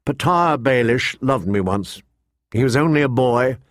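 A man's voice: mid-range voice, expressive, a little slow, dry recording, studio quality, lightly acted. A man reading aloud, voicing a proud, cold noblewoman with a stern, clipped manner.

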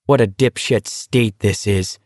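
A man's voice: fairly low pitch, measured pace, darkish tone, dry recording, clean studio sound, close to an everyday voice. A man voicing an insolent, brawny young tough guy who sneers and curses. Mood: scornful. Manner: sneering and foul-mouthed.

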